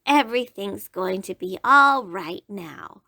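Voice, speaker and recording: A woman voicing a kindly old grandmother in a storybook, with a gentle, quavering, drawn-out delivery. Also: mid-range voice, expressive, vocal fry, no echo, clean studio sound, full character voice. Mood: relieved.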